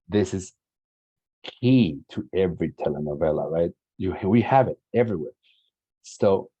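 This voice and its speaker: A man's voice: fairly low pitch, gravelly, dark tone, husky, highs cut off. A man in his forties from Latin America giving an earnest, emphatic motivational talk and repeating key words for stress. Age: 40s. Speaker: summit speaker.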